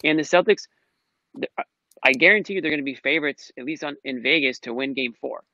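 Man, sports talk regular, gravelly, tense bright tone. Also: on the high side, quick pace, no room sound, muffled recording. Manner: emphatic, swears casually.

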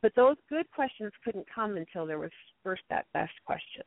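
A woman guest speaker telling lively stories about conflict in a casual interview, acting out quotes in a high voice. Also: moderate pace, vocal fry, no echo. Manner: animated storyteller, acts out quotes in a high voice. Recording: dry tinny phone-like line.

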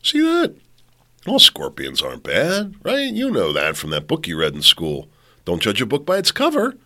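A man's voice: mid-range voice, wildly swooping pitch, normal speed, sharp tone, pitched above the performer's own voice, full character voice. A man voicing a manipulative scorpion in a mocking, needling sing-song. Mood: coaxing. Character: wheedling manipulative scorpion, male, pushy.

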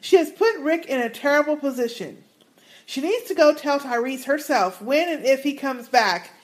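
High, lively woman podcast host. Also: normal speed. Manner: reads emails aloud with asides and laughs. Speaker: podcast co-host reading listener emails. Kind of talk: casual podcast chat.

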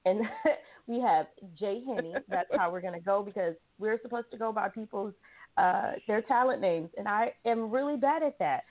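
A chatty woman with a Southern US accent hosts a relaxed talk show and keeps teasing her guests and listeners. Her voice sits at an ordinary pitch. The sound is thin and narrow, like it is coming over a phone line. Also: normal speed. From South Carolina, US. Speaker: show host. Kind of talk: casual talk show chat.

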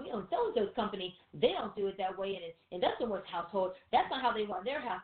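A woman preaching in a relaxed, chatty way, firing off rhetorical questions and little asides. Her voice comes through thin and phone-like, with a roomy echo around it. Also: medium pitch. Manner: animated, rhetorical questions, quick asides and laughs. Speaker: co-host of a Christian teaching show. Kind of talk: casual conversational preaching. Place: room with a few listeners behind the cameras. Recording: tinny phone-like sound in an echoey room.

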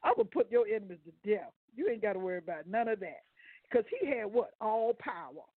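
A man's voice: high voice, animated, brisk, dry recording. A man giving a folksy radio sermon as a guest preacher, stumbling over words now and then and talking straight to his listeners. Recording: phone-line audio, dry.

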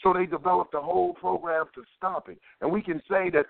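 Man, fervent talk-radio commentary, preacher-like repetition, fairly high voice, tinny phone line. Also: a little fast, vocal fry, hardly any pauses, no echo.

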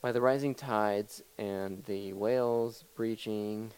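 A young man rants his way through a mock-serious comedy monologue, swearing freely and wandering off track. He talks slowly and loosely, as if thinking aloud. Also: lowish voice, fairly even intonation, a little mellow, clean tone. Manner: rambling, profane, mock-serious. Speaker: comedy talk show host. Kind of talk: improvised comedy rant.

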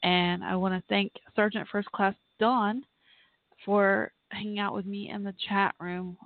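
A woman hosting a call-in podcast from her home office, chatting casually, thinking out loud and apologizing often. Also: mid-range voice, flat delivery, a little slow, no room sound, narrow, tinny audio. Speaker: podcast host. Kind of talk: casual call-in show chat.

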